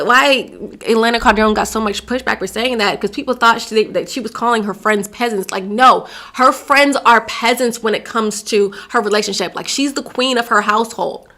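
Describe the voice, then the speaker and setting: A woman's voice: a little high, sharp tone. Sassy, emphatic woman podcast host. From Virginia, USA. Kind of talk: solo podcast commentary.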